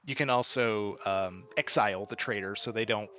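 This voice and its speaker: A man's voice: on the low side, moderate pace, bright, forceful tone, lo-fi sound. A man streaming and chatting casually, explaining a game in long rambling runs full of fillers. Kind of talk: casual chat.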